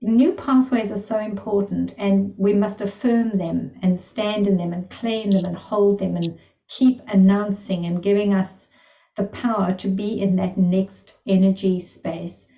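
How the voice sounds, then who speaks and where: A woman shares healing stories in a casual online lesson, her voice mellow and full of wonder. She sits back from the mic, and the sound is roomy and a little dull. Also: mid-range voice, fairly even intonation, unhurried. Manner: enthusiastic, marvelling storyteller. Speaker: energy healing teacher. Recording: distant, roomy, slightly dull recording.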